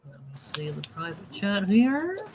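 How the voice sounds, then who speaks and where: A woman's voice: mid-range voice, very animated, normal speed, a little hiss or hum, poor audio. A woman hosting a casual cooking podcast, teasing her co-host in a playful way. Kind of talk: casual chat.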